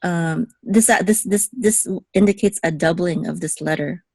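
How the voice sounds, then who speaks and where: A woman's voice: lowish voice, moderate pace, creaky, darkish tone, breathy edge, no room sound. A woman teaching Hebrew reading one-on-one, patiently explaining each letter and vowel and checking in with her student. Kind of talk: one-on-one lesson.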